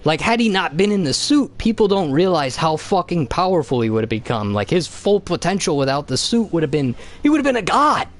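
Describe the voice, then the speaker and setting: A man's voice: on the high side, very animated, fairly quick, few pauses. A man streaming a video game, rambling in casual chat with heavy swearing and lots of fillers.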